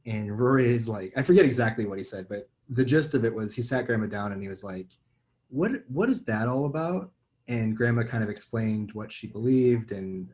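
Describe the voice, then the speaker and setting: Low-voiced casual young man. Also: darkish tone. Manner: casual, with many "like" fillers and repeats. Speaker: guest. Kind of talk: casual conversation.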